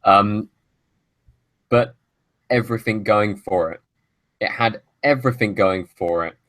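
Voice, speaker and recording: A man's voice: lowish voice, a little slow, a bit bright, no echo. A man hosting a film podcast, making long opinionated arguments in casual chat. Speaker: podcast host.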